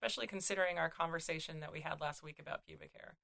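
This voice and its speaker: A woman's voice: sits low, very fast, creaky, bright, forceful tone. A young woman from California co-hosting a casual podcast chat, blunt and sardonic. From California, USA. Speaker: podcast co-host, comedian.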